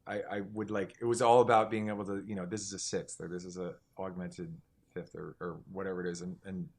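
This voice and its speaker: Deep-voiced middle-aged guy, singer being interviewed, loose rambly talk, keeps restarting, lots of "like". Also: level tone, fairly quick. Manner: rambling, many restarts and "like" fillers. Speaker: singer-songwriter guest.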